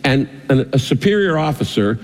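A man's voice: medium pitch, expressive, moderate pace. A male pastor preaching a sermon, telling a vivid story with repeated, building phrases, recorded in a church. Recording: long hall reverb.

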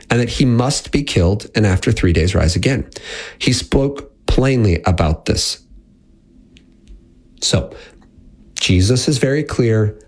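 A man's voice: fairly low pitch, a little mellow, husky. A man in his thirties preaching a sermon in a casual, conversational way with frequent fillers. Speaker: pastor.

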